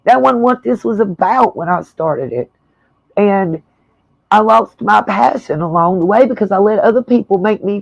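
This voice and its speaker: A woman's voice: mid-range voice, creaky, darkish tone, no echo. A woman hosting her own channel, ranting bluntly and with profanity in an irritated, fed-up way during a livestream commentary. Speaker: channel host. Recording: dull lo-fi dry sound.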